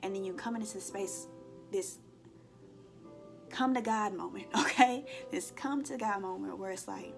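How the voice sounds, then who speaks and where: This woman's mid-range voice is gravelly, and she speaks at normal speed with frequent pauses. Doing a spiritual card reading for her viewers, tarot-style and collective, she sounds emotional and earnest, voices inner thoughts dramatically, and keeps asking "okay?" while soft music plays underneath.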